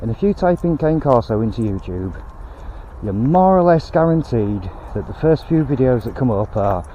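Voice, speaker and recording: A man's voice: medium pitch, big pitch swings, normal speed, dark tone, lo-fi sound, slight background noise. A man vlogging outdoors on a canal towpath, ranting bluntly in a rambling way and swearing now and then. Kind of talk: casual rant while walking.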